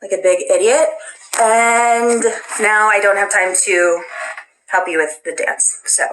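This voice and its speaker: Bubbly, self-mocking woman host on a casual stream, middle-pitched voice with room echo. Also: fairly even intonation, a little slow, fairly bright tone, slight background noise. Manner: bubbly, self-deprecating, many "um" fillers. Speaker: livestream host answering fan questions. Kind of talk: casual chat. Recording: roomy echo.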